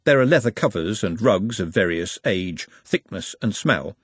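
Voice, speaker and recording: A man narrates a storybook in a wry, even-paced way, his voice slightly husky. His pitch moves in a lively way through the sentences. The sound is close and dry with no room around it. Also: moderate pace, dry recording. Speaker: audiobook narrator.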